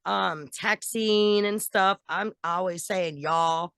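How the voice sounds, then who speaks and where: A woman's voice: medium pitch, animated, normal speed, no echo, clean studio sound. A woman co-hosting a casual talk show, agreeable and giggly, laughing often. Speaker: podcast co-host. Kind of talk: casual chat.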